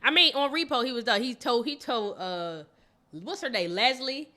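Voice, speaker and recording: Bright-voiced woman co-hosting a chat. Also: on the high side, normal speed. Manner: blunt, animated, swears freely. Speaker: podcast co-host. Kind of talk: casual chat.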